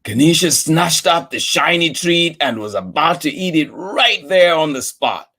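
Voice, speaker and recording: Casting: slow, lively children's storyteller, man, slightly husky, quizzes his young audience. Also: on the high side. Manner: animated, asks the listeners questions. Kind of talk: reading a picture book aloud to children.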